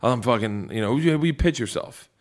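A man's voice: mid-range voice, animated, normal speed. A male comedian on a podcast as the guest, telling long rambling stories with lots of swearing and laughing through them. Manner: acts out other people's lines in raised voices. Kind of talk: casual storytelling chat.

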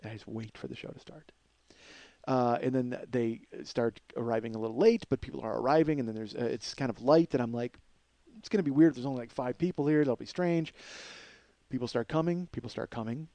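A man in mid-range pitch tells a backstage story on a podcast, lively and profane, jumping into other people's voices as he quotes them. The recording is dry and close, with almost no room sound. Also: brisk, dry recording. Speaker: podcast host. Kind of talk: casual storytelling.

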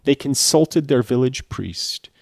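A man's voice: mid-range voice, animated, slow, vocal fry, dry recording, studio quality. A man reading a novel aloud and breaking off for sarcastic, irreverent commentary. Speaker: reader and commentator.

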